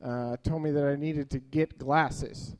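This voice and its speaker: A man's voice: a little high, steady tone, unhurried. A man in his early thirties telling a rambling, self-deprecating stand-up story, full of filler uhs. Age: 30s. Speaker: stand-up comedian.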